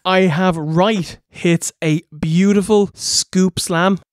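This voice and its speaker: A man's voice: high-pitched, steady tone, takes it slowly, no echo, studio quality. A man co-hosting a wrestling review podcast, enthusiastic, swearing and laughing a lot. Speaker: podcast co-host. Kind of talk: comedic wrestling review chat.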